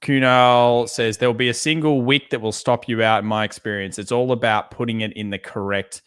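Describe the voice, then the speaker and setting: A man co-hosting a live trading show, talking through charts in a relaxed way and repeating words for emphasis. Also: mid-range voice, a little fast, clean tone. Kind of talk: live market analysis chat.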